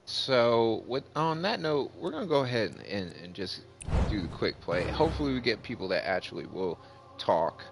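A man hosting his gaming channel, casually telling a story over gameplay, getting animated as the story builds. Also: on the low side, moderate pace, gravelly. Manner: animated storyteller, voice jumps up when retelling. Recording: faint music behind.

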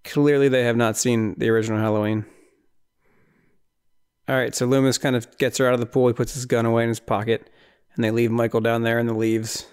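Smooth-voiced man recapping a movie. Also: medium pitch, flat delivery, fairly quick, darkish tone. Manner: rambling, incredulous, laughing at the film. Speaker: podcast host.

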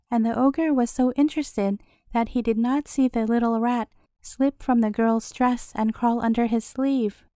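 Gentle woman reading a bedtime story. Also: a little high, no echo, studio quality.

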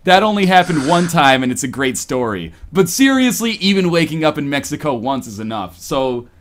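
Speaking at an ordinary pace in a voice that runs a little high, this man co-hosts a podcast. He reads out a romance story with lots of animation, interrupting himself to crack jokes.

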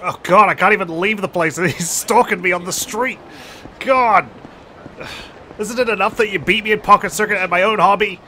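A man commentating casually while playing a video game, excitable and quick to break into mock-outraged yelling. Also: high-pitched, slight background noise, rough recording. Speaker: let's play gamer.

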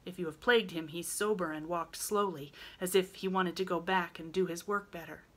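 A woman's voice: lowish voice, fairly even intonation, fairly quick, natural voice. A woman reading aloud, voicing a prim, motherly teenage girl who lectures earnestly in a raised voice.

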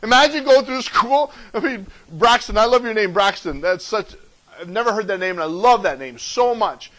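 A man preaching a sermon in a church, animated and joking as he teaches from scripture. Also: sits high, normal speed, poor audio. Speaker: pastor. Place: church sanctuary.

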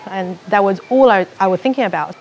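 A woman from China, giving an animated personal testimony and acting out her own past thoughts as she tells her story. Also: mid-range voice, fairly quick, a little hiss or hum. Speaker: retreat participant.

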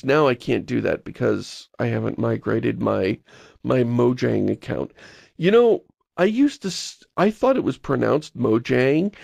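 A man chatting casually as a podcast co-host, rambling and wry with an exasperated edge. His voice has a gravelly, creaky texture. The recording is dry and close. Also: mid-range voice, darkish tone, no echo.

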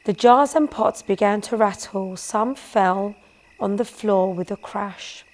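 A woman reads a bedtime story aloud at a slow, unhurried pace. Her delivery is gentle, and she pauses to put questions to her listeners. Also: mid-range voice.

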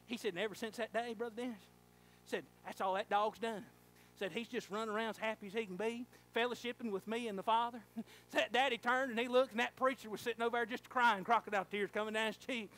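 A male pastor preaching a sermon in a church, telling a folksy story and rising to fervent shouting. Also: high voice, steady tone, fast talker. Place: church sanctuary.

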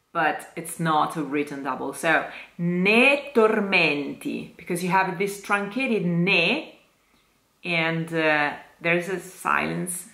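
This is an Italian-accented woman teaching diction, her voice sitting a little low. She speaks very slowly and deliberately, sounding out each word and repeating it. The room around her is roomy and echoing. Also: bright, forceful tone. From Italy. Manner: models words slowly and repeats them. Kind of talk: slow, careful diction lesson.

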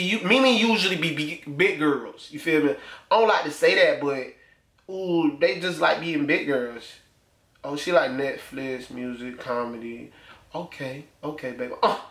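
A man's voice: a little high, fairly bright tone. A young man giving loose, crude, teasing commentary as he reacts on his own channel. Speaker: YouTuber. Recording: echoey room.

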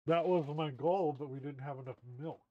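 A man's voice: fairly high pitch, moderate pace, no echo. A man chatting casually on a game stream, his voice stuffy and muffled through a costume mask, joking, chuckling often and swearing freely. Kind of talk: casual live-stream chat. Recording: dull muffled lo-fi audio.

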